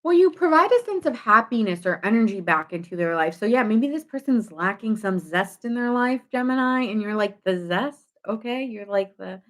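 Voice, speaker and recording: A woman's voice: medium pitch, moderate pace, hardly any pauses. Chatty woman reading tarot. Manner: chatty and animated, many fillers, acts out quoted reactions with laughs. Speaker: tarot reader.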